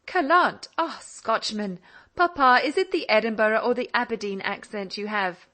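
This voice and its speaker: In an audiobook, a woman with a fairly high voice and a moderate pace plays an earnest, teasing young woman. The character pleads with her father and scolds him in a lively, mock-indignant way.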